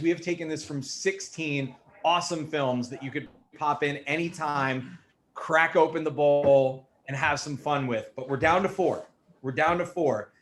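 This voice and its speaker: A man's voice: fairly high pitch, fairly bright tone. A man hosts a livestreamed panel in a slightly raised voice. He is loose, laughing and profane as he runs the matchups. A faint hum of noise sits under the voice. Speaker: host.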